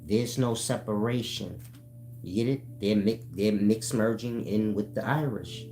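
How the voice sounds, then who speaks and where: A man's voice: fairly low pitch, unhurried, mellow, faint music behind. A man hosting his own channel, talking in a casual, profane monologue and checking in with listeners as he explains. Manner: profane, keeps asking "you get my point?"; addresses listeners as "y'all". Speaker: channel host.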